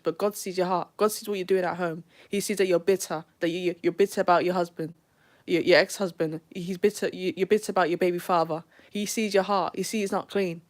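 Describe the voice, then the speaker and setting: A woman delivering a preachy, scolding monologue about faith and family, repeating herself and restarting phrases often. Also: on the low side. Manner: repetitive, stammering restarts, scolding. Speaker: online speaker on relationships and faith.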